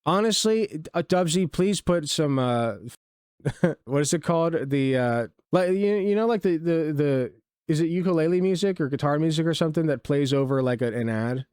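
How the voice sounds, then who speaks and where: This is a man reacting to a clip on stream, loose and sarcastic, tripping over his words and tossing in fillers. His voice sits a little high for a man. The sound is close and dry, with no room around it. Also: expressive, moderate pace, a little mellow, clean tone, dry recording. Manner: rambling, sarcastic, many fillers and restarts. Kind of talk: casual reaction commentary.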